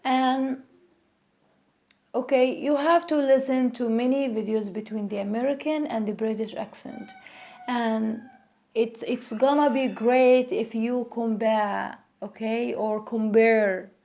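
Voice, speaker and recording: A woman with a fairly high, mellow voice teaches English pronunciation, speaking very slowly. She repeats each example word and drills sounds for her learners. Her first language is Arabic. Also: fairly even intonation. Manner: slow, repetitive, demonstrating sounds.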